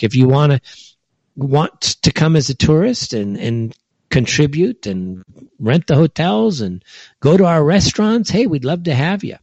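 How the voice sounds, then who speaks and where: A man's voice: mid-range voice, darkish tone, husky, no room sound. A man from California, talking in a loose, rambling monologue full of fillers and little acted-out asides. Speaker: commentator. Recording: dull, dry lo-fi recording.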